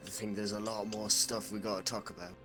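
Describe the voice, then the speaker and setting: A man's voice: fairly low pitch, level tone, quick pace, over music. A man playing a tabletop game, talking in a hesitant, casual way. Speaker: player. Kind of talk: casual tabletop role-play.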